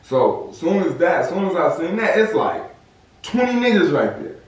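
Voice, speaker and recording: A young Southern California podcast host tells a story casually in slangy talk, animated and acting out the quotes. His voice sits high at a normal speed, picked up off-mic from a distance in an echoey room.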